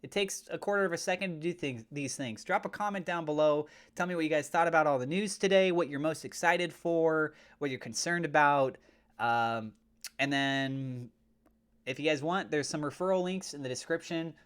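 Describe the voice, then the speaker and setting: A man hosting a crypto channel, talking through price levels on charts in a steady way, with fillers like uh. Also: a little high, moderate pace, smooth. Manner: mock-gushing and over the top when praising. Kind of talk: chart analysis commentary.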